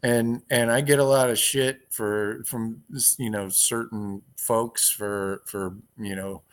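Man, podcast co-host, somewhat low voice, blunt, profane, dark humor, casual chat. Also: steady tone, slow pace.

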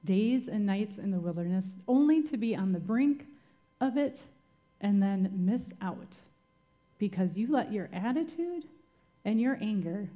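A woman's voice: medium pitch, animated, a little slow, mellow, dull audio. A woman giving a sermon as a Bible teacher, retelling scripture dramatically and asking the listeners rhetorical questions.

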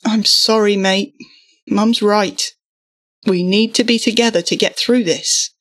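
A woman voicing a father who speaks softly and consolingly. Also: mid-range voice, steady tone, a little slow. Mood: gentle. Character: gentle, sorry father.

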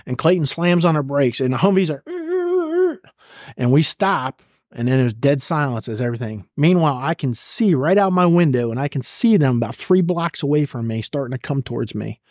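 A man's voice: medium pitch, lively intonation, brisk, dry recording, studio quality. A middle-aged man, a retired army sergeant major, telling intense combat stories as a guest in an interview, blunt and profane. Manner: blunt, profane and vivid, acting out shouted orders. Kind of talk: intense war storytelling in a podcast interview.

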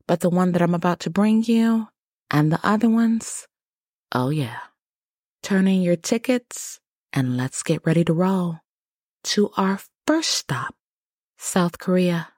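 A woman hosting a podcast at home, talking quietly and low so she won't wake her household. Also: measured pace, no room sound, studio quality. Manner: quiet and low, speaking softly. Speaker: podcast host. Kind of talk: podcast monologue. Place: home, early morning.

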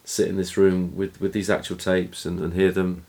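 A man's voice: low-pitched, flat delivery, normal speed, darkish tone. A man hosting a podcast in a home studio room, talking casually and hesitantly, with many fillers and restarts. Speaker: podcast host. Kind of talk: casual chat and wrap-up.

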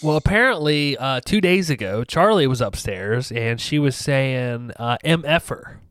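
A man's voice: medium pitch, lively intonation, measured pace, a bit bright, clean tone, dry recording. A man in his thirties chatting casually, joking as he tells family stories and acts out the dialogue. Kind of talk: casual chat.

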